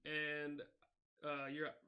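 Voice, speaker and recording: Bright-voiced male game master. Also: a little high, completely flat delivery, slow pace, a little hiss or hum. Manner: loose, rambling, many fillers. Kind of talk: narrating a tabletop game.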